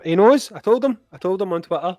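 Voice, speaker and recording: A man's voice: high-pitched, expressive, fast, mellow, dry recording, clean studio sound. A young Scottish man chatting as a podcast guest, blunt and jokey, swearing freely as he rants. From Scotland. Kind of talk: casual chat.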